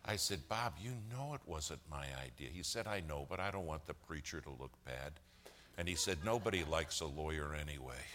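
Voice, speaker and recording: A man's voice: very deep voice, animated, moderate pace, noisy background. A man telling a long church story as a sermon, acting out the quoted dialogue of the people in it.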